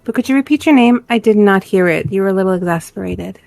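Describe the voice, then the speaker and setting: A woman's voice: medium pitch, quick pace, gravelly, a little mellow. A woman player in a tabletop game, talking casually and in a friendly way for her character. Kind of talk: tabletop role-play.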